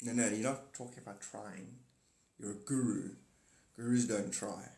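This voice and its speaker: A man's voice: on the low side, normal speed, vocal fry. A man hosting a livestream, chatting casually with viewers and rambling through spiritual ideas. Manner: rambling, animated, spiritual talk. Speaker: livestream host. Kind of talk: casual livestream chat reading comments. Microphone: phone. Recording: echoey room.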